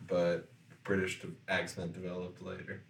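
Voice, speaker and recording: A man's voice: sits low, completely flat delivery, moderate pace, creaky, a little hiss or hum. A man co-hosting a podcast, joking and laughing often in casual chat. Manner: jokey, laughs a lot. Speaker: podcast co-host. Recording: echoey room, distant mic.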